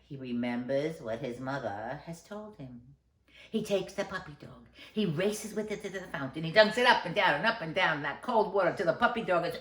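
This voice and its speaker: A woman's voice: on the low side, animated, normal speed. A woman storyteller telling a folk tale to a library audience, with chatty asides to the listeners. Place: library event space. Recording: roomy echo.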